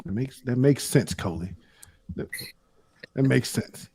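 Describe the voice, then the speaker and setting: A man's voice: mid-range voice, expressive, a little slow, darkish tone, husky. A man hosting a casual show, joking and teasing his guests in slangy banter. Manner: joking, slangy, says "bro" often. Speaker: show host.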